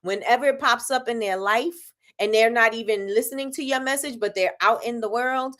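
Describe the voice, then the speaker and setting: Energetic woman hosting a motivational live stream. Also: on the high side, moderate pace. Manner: energetic, repetitive, preachy, laughs a lot. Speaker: live show host, soap business owner.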